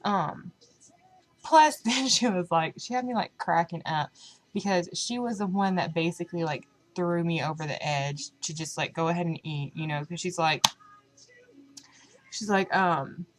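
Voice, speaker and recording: A young woman chatting casually on a diet vlog, full of fillers and animated retellings of what others said. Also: fairly low pitch, moderate pace, poor audio. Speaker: vlogger.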